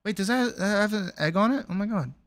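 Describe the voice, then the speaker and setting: A woman streamer chatting casually on a live stream, reacting loudly with exclamations, swearing and laughter. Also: medium pitch, lively intonation, brisk, no room sound. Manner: loud, exclamatory, swears freely, laughs often.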